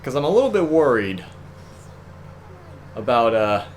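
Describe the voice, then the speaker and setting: A man's voice: mid-range voice, very animated, unhurried, a little hiss or hum. A young man co-hosting a let's play, chatting casually and wryly, often exasperated and laughing. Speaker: co-host. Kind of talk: casual gameplay chat.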